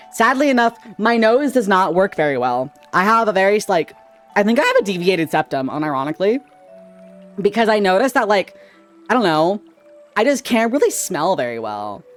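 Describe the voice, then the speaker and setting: A man live-streaming, chatting casually with his viewers, swearing often, and swinging between loud and quiet. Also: high-pitched.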